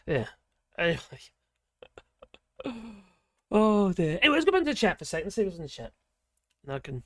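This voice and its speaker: A man's voice: high-pitched, huge pitch swings, brisk, long pauses, a bit bright, dry recording, clean studio sound. Rambling Norfolk man on a livestream. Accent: Norfolk English. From Norfolk, England. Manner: rambling, chuckling, lots of fillers and exclamations. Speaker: livestream host. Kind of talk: casual livestream chat.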